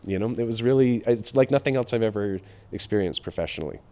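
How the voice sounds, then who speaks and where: A man's voice: on the low side, fast talker, warm tone. A man, a film director, giving interview answers in a reflective, hesitant way with frequent fillers.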